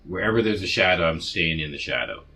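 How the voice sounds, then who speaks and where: A man's voice: low-pitched, expressive, fast talker, sharp tone, slightly rough. A man playing a tabletop game, eager and a little stammering. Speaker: player.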